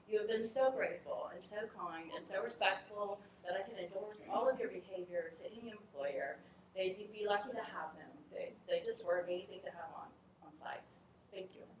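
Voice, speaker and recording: A woman from a charity giving a humble, grateful speech at a graduation ceremony. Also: medium pitch. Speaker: charity representative. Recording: echoey hall with background noise.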